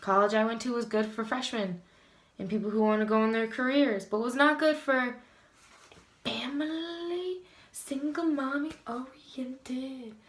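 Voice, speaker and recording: A young woman in a casual confessional vlog, talking bluntly and swearing freely. Her voice sits a little high. The sound is roomy, with an echo around her. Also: steady tone, a little fast, fairly bright tone. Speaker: vlogger.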